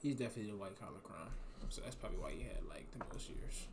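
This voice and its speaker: Slangy animated streamer man. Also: on the low side, rapid-fire, noisy background. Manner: animated, slangy, speculating aloud. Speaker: streamer reacting to a video. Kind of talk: casual live-stream commentary.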